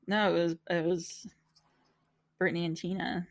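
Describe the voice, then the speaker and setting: A woman's voice: fairly low pitch, level tone, normal speed. A young woman co-hosting a casual chat, talking loosely with many fillers and giggles, sleepy and hiccuping. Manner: laid-back, lots of fillers, giggly. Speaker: podcast co-host.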